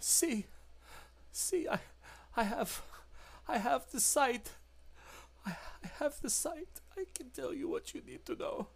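A game master voicing a pleading, skinless woman kept alive as a mass of flesh in a box, with a high, strained, broken voice. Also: expressive, slow pace, gravelly, long pauses, heavily acted.

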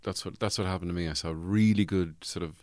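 A man's voice: sits low, steady tone, quick pace, a little mellow, no echo, studio quality. A man hosting a casual comedy podcast chat, rambling and laughing often. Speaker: podcast host. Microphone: studio microphone.

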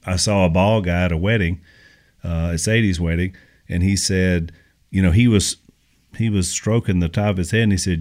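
A man hosting a podcast in casual chat, reading an ad in a relaxed, chatty way with fillers. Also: low voice, moderate pace. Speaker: podcast host reading ads.

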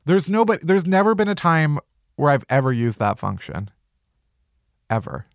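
A man's voice: fairly high pitch, very animated, normal speed, no room sound, studio quality. Sarcastic man ranting on a podcast. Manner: sarcastic, profane, exasperated. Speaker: podcast host. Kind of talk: comedic podcast rant.

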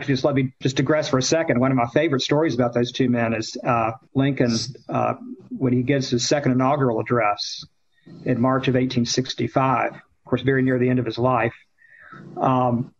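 A male guest tells a story in an unhurried, conversational way, pausing often on fillers and restarting his sentences. His voice sits at an ordinary pitch. The recording sounds muffled and lo-fi. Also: slight background noise. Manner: halting, with frequent fillers and restarts.

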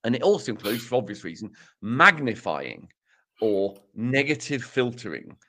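A man presents research on a casual podcast, his pitch swinging up and down with lively energy. He speaks at a middle pitch and keeps dropping wry, self-mocking asides. The tone stays loose and joking. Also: moderate pace.

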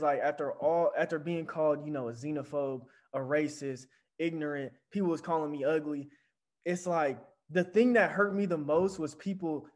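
A young man co-hosting a podcast, talking fast in casual chat with many restarts and fillers. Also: a little high. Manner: animated, talks over himself with many restarts. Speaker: podcast co-host.

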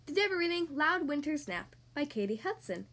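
A woman hosting a children's podcast, reading a storybook aloud in a friendly, expressive manner. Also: high voice, fairly quick. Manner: friendly, expressive, sing-song.

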